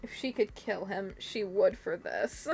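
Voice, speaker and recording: Slow-talking laughing woman streamer. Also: mid-range voice, very animated, vocal fry, a little mellow, faint music behind. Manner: laughing often, crude swearing, playful storytelling. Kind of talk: casual chat.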